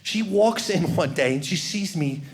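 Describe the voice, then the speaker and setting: A male comedian works a stage through a handheld mic. His voice sits high and swings widely, and he talks in an animated way, shouting some lines for effect. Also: unhurried. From New York. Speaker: stand-up comedian. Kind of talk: stand-up comedy routine.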